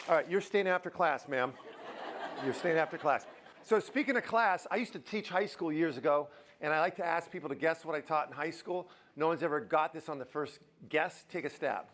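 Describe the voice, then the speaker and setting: A middle-aged man speaks in a fairly high voice to an auditorium audience. He is energetic and playful, coaxing responses and joking. Faint crowd sounds sit behind him. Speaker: motivational speaker. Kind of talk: live audience talk. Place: university auditorium.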